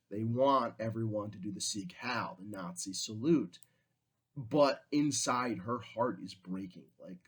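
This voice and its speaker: A man's voice: fairly low pitch, breathy edge. A man teaching a history class in a conversational way, often acting out quotes in different voices. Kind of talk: classroom lecture.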